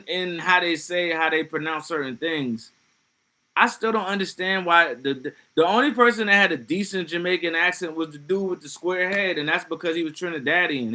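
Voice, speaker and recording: A man's voice: a little high, bright, forceful tone. A man streaming live, chatting casually and reacting to chat comments in a loose, profane way with laughing asides. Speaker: livestreamer.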